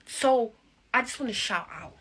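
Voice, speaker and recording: A woman's voice: on the high side, expressive, moderate pace, a bit bright, husky. A woman from Jamaica in an impassioned, defiant rant to camera, repeating her points and sometimes dropping to a whisper.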